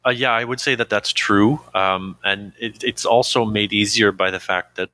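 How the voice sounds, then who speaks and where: A man talking openly in a conversational interview, pausing often with fillers and breaking into laughs. His voice sits a little low and comes across bright and forceful. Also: fairly even intonation, no echo. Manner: reflective, hesitant with frequent fillers, laughs easily. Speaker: interview guest.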